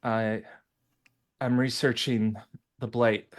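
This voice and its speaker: A man's voice: medium pitch, flat delivery, slow, close to an everyday voice. A man voicing a very tall woman researcher who is out of breath, stammering and apologetic. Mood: breathless apologetic.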